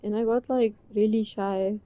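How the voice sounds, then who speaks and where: A young woman streamer reacting to an old clip, gasping and laughing with excitement. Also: medium pitch, normal speed, dry recording, phone-quality sound.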